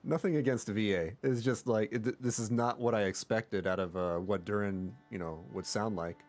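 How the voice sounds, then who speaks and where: A young man casually commenting on a game while livestreaming, with chatty, animated reactions. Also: fairly low pitch, moderate pace, soft background music. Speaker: streamer.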